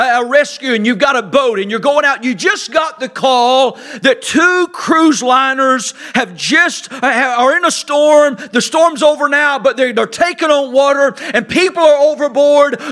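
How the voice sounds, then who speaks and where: Male preacher, very high tenor, sharp bright tone, animated delivery with loud peaks and quiet asides. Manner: animated, swinging from loud emphatic bursts to low quiet asides. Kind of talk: sermon.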